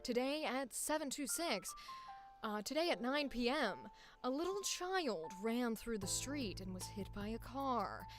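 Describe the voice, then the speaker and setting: A woman voicing a formal male news anchor with a measured, deliberate newsreader cadence. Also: fairly high pitch, sing-song, over music.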